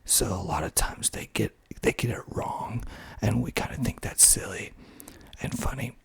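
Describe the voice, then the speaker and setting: A man from Georgia with a Southern accent, whispering slowly and softly into a close mic in an ASMR video, with fillers along the way. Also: medium pitch, creaky, husky, no room sound. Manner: slow, soft-spoken whispering with fillers. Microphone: close mic, pops on plosives.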